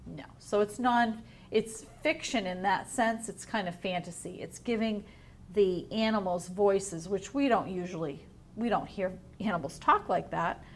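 A woman teacher reading a picture book aloud to young children, explaining words gently and asking them questions. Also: medium pitch, measured pace.

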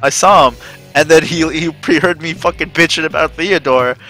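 A man's voice: fairly high pitch, normal speed, bright, forceful tone, soft background music. A man streaming a video game, chatting casually, ranting and swearing a lot. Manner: profane ranting, swearing often. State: panicked.

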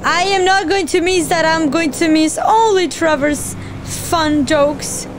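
A woman's voice: extremely high pitch, unhurried, a little hiss or hum. A woman hosting a gaming channel, commenting on a game in an emotional, teary, laughing way. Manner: sing-song, teary, laughing.

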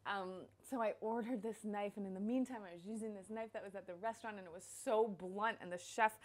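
A woman's voice: medium pitch, fairly quick. A young woman hosting a casual cooking demonstration, bubbly and playful as she chops and explains. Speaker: cooking show host.

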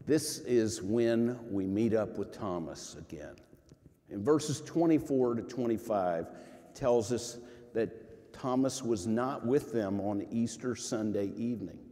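A man preaching a sermon as pastor, earnest and emphatic, swinging from loud rises to quiet drops. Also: mid-range voice. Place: church sanctuary. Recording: church sanctuary with long reverb.

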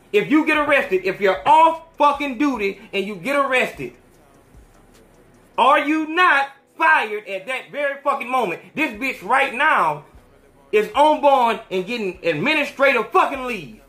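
A man's voice: very high-pitched, sharp tone. Fiery, profane male podcast host. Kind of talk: heated podcast commentary.

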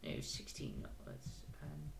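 A man commentating on a game he is playing, profane and self-mocking, with loud outbursts. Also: a little slow. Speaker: gaming channel host. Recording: roomy with faint noise.

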